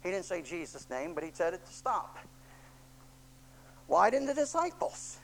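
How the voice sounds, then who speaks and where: A preacher delivering a sermon with emphatic repetition and rhetorical questions, moving from hushed tones up to loud shouting. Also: mid-range voice, big pitch swings, normal speed, low-quality recording. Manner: impassioned, swings from hushed to shouting.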